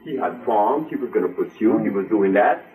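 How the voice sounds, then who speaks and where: An older man gives an impassioned speech to a live audience, his lowish voice lively in intonation at a moderate pace, repeating phrases for emphasis. The audio is narrow and tinny, picked up by a distant mic with faint music.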